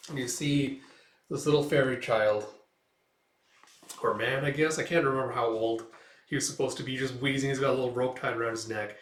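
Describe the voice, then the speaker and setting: A man's voice: mid-range voice, fairly even intonation, brisk, pauses often, fairly bright tone. A young man casually hosting a comic read-through, chatty and rambling with lots of fillers. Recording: roomy, distant mic.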